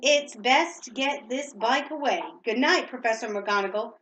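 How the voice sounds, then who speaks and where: A woman's voice: fairly high pitch, normal speed, a bit bright, slight background noise, lightly acted. A woman reading aloud and voicing a tearful giant man who sobs and stammers. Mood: sad. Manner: sobbing, stammering. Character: tearful giant man, soft-hearted and sobbing.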